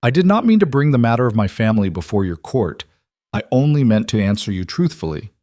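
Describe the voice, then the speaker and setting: A man reading the part of a young noblewoman in an audiobook romance, speaking quietly and formally with careful restraint. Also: medium pitch, very animated, brisk, dry recording, studio quality, natural voice. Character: young noblewoman, composed and guarded.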